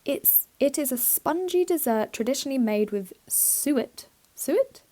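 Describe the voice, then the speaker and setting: A playful woman co-hosting a chatty podcast, her voice sitting a little high. She giggles easily and swears freely, slipping between reading a list aloud and joking with her friend. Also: expressive, measured pace, warm tone. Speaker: podcast co-host. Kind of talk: casual chat, reading out a list.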